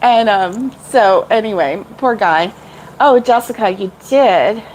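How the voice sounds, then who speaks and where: A woman's voice: mid-range voice, slow, a little mellow, a little hiss or hum, low-quality recording. A middle-aged woman chatting casually with live viewers about crochet, rambling and laughing often. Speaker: crochet vlogger.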